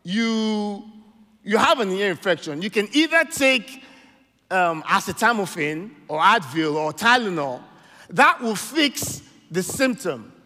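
A man's voice: sits high, very animated, unhurried, pushed and bright, big-room sound. A man with a Nigerian accent preaching a sermon, emphatic and often asking the congregation "amen?". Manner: emphatic call-and-response preaching, frequent "amen?".

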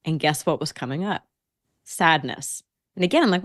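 A woman's voice: sits low, lively intonation, moderate pace, no echo, studio quality. A woman guest on a podcast, telling a personal story casually and acting out her own quotes.

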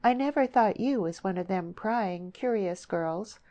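A woman's voice: medium pitch, lively intonation, a little mellow, pitched above the performer's own voice. Woman doing a smug, teasing country girl. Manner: bland, superior, drawn-out.

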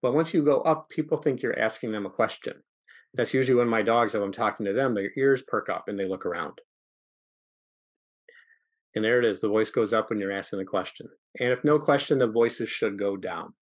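A man leads a training session on public speaking in an upbeat coaching tone. His pitch jumps around as he demonstrates and encourages. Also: a little fast. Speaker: training presenter. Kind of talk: online training talk.

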